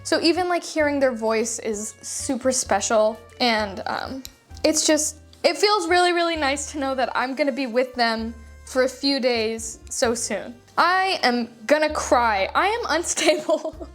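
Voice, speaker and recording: Young woman vlogger, high voice, chatty and emotional, lots of fillers, faint music underneath. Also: a little slow. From Los Angeles. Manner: chatty and emotional, laughs often, many fillers. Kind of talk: casual chat. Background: soft background music.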